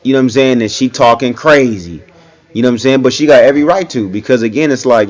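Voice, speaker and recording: A man's voice: medium pitch, fast, darkish tone. A young man giving casual reaction commentary, talking loosely and often saying "you know what I'm saying.".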